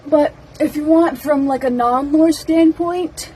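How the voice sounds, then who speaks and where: A young woman with a fairly high voice rambles through her first impressions, excitable and full of fillers and little giggles. She talks casually, straight to camera, as a fan vlogger. A faint hiss of noise sits under her voice. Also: measured pace, rough recording.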